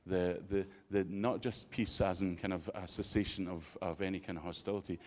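A man's voice: deep voice, fairly even intonation, moderate pace, slight background noise. A man, a pastor giving an interactive sermon and bantering playfully with his congregation.

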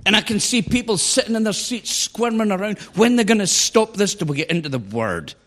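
A man in his sixties with a high voice preaches to a congregation. His delivery is animated and exclamatory, full of laughter. The sound rings with the long reverb of a large hall. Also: a little fast. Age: 60s. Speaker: pastor. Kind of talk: sermon.

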